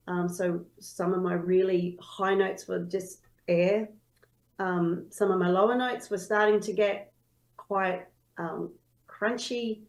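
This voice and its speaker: A woman's voice: mid-range voice, darkish tone, poor audio. A woman who is a singer and singing teacher, telling her story in a casual interview and acting out her own past thoughts.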